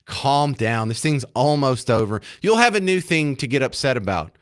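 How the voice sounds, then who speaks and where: Casting: male radio host, mid-pitched, sarcastic and mocking studio monologue. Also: expressive, normal speed, fairly bright tone, clean tone.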